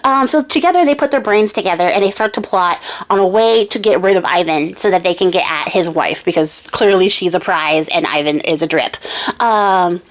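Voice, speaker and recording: A woman's voice: lowish voice, normal speed. A young woman hosting a craft channel, casually retelling a folktale in a chatty, giggly way with lots of fillers. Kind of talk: casual storytelling.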